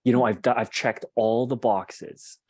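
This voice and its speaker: A man's voice: medium pitch, steady tone, unhurried, darkish tone, dry recording. A young adult man guesting on a podcast, earnestly telling a personal story and often restarting his sentences. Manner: earnest and reflective, with frequent restarts.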